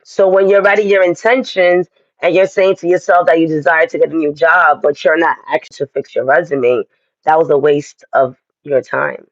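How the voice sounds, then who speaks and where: Guy doing a chatty tarot reading, kinda high voice, dry dull lo-fi sound. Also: steady tone, moderate pace, no echo. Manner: chatty, direct, addresses viewers as y'all. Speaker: astrology and tarot reader. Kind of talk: casual spiritual reading to viewers.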